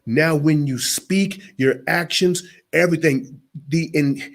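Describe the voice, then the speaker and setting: A man's voice: on the high side, takes it slowly. A man who works as a motivational speaker, talking emphatically and speaking straight to the listeners in an interview. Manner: preachy, emphatic, addresses listeners directly.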